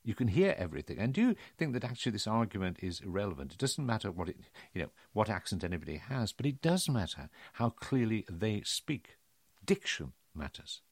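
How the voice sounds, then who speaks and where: A man's voice: lowish voice, big pitch swings, a little fast, slightly rough, dry recording. An older man hosting a radio interview, asking probing questions in a jovial, conversational manner.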